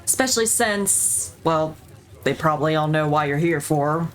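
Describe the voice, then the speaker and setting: A woman's voice: deep voice, moderate pace, pitched below the performer's own voice, natural voice. A woman voicing a friendly, teasing small-town young woman with a Southern US country accent, reading game lines aloud in a chatty way.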